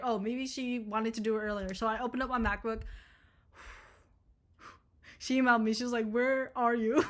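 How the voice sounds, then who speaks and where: A young woman talks straight to camera in a loose, rambling storytime vlog, with swearing all through it. Her voice sits a little high and sounds bright and forward, and she swings into lively retellings of what she said and thought. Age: young adult. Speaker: vlogger.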